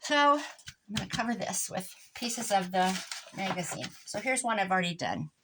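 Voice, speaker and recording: At her home craft desk, a crafting vlogger in her 60s from Iowa, USA, rambles through an animated family story while working on a project, tossing in asides about the craft. Her voice is medium-pitched at a moderate pace, with background noise.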